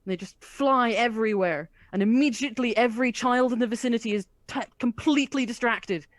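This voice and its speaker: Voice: medium pitch, fairly quick, no echo. A game master narrating a tabletop game with chatty description and frequent fillers.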